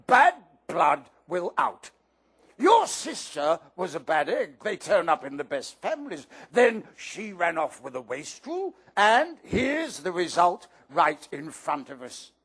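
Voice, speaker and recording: A man voicing a loud, drunken, bullying older aunt with a blustering, contemptuous way of talking, reading a children's novel aloud. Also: high voice, very animated, slow pace, husky, exaggerated voice. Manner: blustering, contemptuous, stretched-out words.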